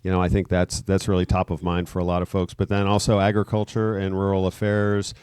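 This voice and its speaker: Low-voiced guy giving an earnest speech, resonant, no room echo. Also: monotone, brisk, darkish tone, clean tone. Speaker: state legislator. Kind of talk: political speech.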